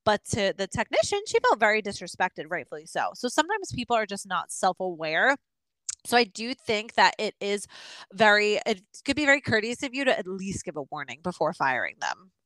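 A woman's voice: medium pitch, very animated, a little fast, a bit bright, no echo, rough recording. Earnest woman podcast co-host. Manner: earnest, advising. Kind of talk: casual advice chat.

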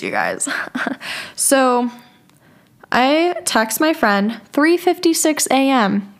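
A woman's voice: fairly high pitch, sing-song, slow. A young woman telling a personal story on her podcast, chatty and casual, with plenty of filler words and swearing. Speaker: podcast host.

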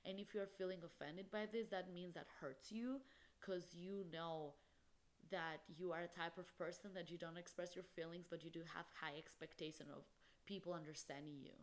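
A woman's voice: lowish voice, fairly even intonation, normal speed. A young woman hosting a solo podcast, talking emphatically and passionately, with lots of "literally" and "like". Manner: emphatic, impassioned, peppered with "literally" and "like". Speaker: podcast host.

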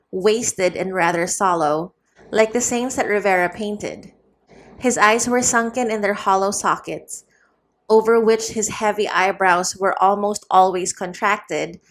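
A woman narrating a classic novel in a measured, steady audiobook reading. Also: mid-range voice. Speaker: audiobook reader. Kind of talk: scripted narration.

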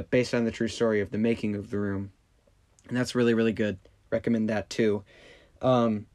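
A young man hosting a casual solo podcast, rambling and apologetic, with many restarts. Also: medium pitch. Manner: rambling, self-deprecating, with fillers and restarts. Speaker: podcast host.

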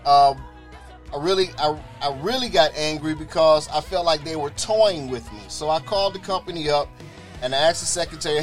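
A man with a somewhat high voice tells his own story in a loose, spoken testimony style. He brings the story to life by acting out what others said, and he often repeats words and starts over mid-sentence. Faint music plays softly behind him. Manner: animated, acts out others' voices in quoted dialogue. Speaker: storyteller sharing a personal testimony.

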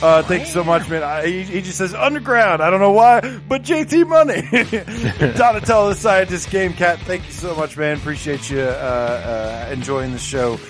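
A man's voice: fairly high pitch, normal speed, soft background music. A man co-hosting a gaming stream, reading viewer comments aloud in a playful, bantering way and laughing often. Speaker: co-host.

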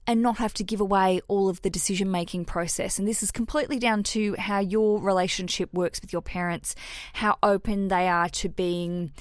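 A woman's voice: mid-range voice, fairly even intonation, moderate pace, no echo. Woman, podcast host, casual advice, frank and sweary, dry sound. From Australia. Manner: frank and sweary, slips into put-on voices for quotes. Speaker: podcast host answering listener questions.

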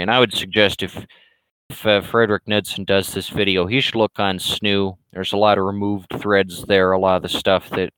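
Rambling man with a smooth, low voice. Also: a bit bright, dry recording, rough recording. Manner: rambling, hesitant, frequent restarts. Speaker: streamer and comic creator. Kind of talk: casual livestream talk, reading viewer questions.

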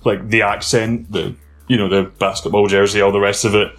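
A man, a wrestler, telling stories in a casual interview, laughing often and jumping up in pitch. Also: brisk. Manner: animated storyteller, laughs often, voice jumps high. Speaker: wrestler guest.

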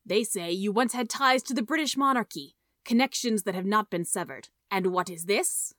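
A man's voice: sits high, normal speed, sharp tone, dry recording, studio quality. A woman voicing a stern, gloating middle-aged male mayor who accuses a prisoner in a storybook reading. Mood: accusing. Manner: accusing, mocking.

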